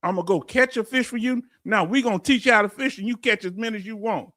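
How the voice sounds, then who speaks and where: High-voiced Southern man, folksy livestream host. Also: quick pace, dry recording, clean studio sound. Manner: folksy, preacher-like, animated. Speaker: veterans benefits channel host. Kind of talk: livestream reading viewer comments.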